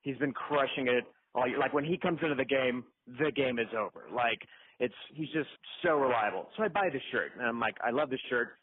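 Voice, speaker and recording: A man tells a long, rambling story in a voicemail, full of fillers and self-deprecating asides. His voice is a little husky. It comes through a thin, tinny phone line. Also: mid-range voice, brisk. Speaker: caller leaving voicemails.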